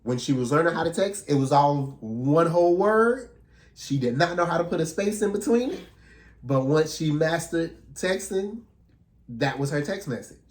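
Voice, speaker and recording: A man's voice: a little high, animated, normal speed. A man talking earnestly and reflectively in a casual, heartfelt conversation as a podcast co-host.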